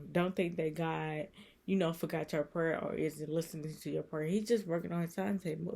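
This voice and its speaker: Gravelly-voiced woman giving an earnest devotional talk. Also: deep voice, darkish tone. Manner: rambling and repetitive, circling back on her points; earnest and emotional. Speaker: faith content creator.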